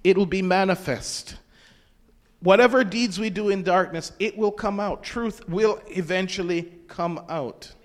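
A man with a high-sitting voice preaches a sermon a little slowly, quoting scripture in King James wording and asking his congregation questions. The long reverb of a hall fills the recording.

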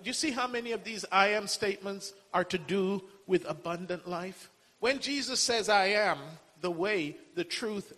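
A man with a high-pitched voice preaches a sermon, his words ringing with a long hall reverb. He is emphatic, repeats key phrases and drops in "amen" again and again, quoting scripture in old-style wording. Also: fairly bright tone.

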